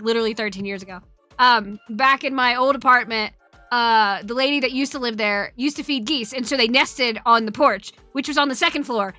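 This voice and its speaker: Woman VTuber host, sharp high voice, swears freely and laughs through her story, close dry mic with faint music underneath. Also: no echo. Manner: animated, profane, laughs while telling. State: tired. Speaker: VTuber streamer. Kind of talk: casual storytelling on stream.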